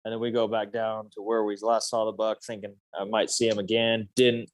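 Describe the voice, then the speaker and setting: A man's voice: lowish voice, little pitch movement, normal speed, no echo. A man in his thirties telling a story as a podcast guest, loose and rambling, full of fillers. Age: 30s. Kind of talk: casual storytelling.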